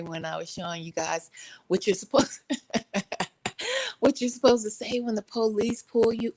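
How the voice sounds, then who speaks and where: A woman, from Texas, telling a story in casual chat from her couch at home, animated and laughing, playfully shifting her voice. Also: mid-range voice, low-quality recording.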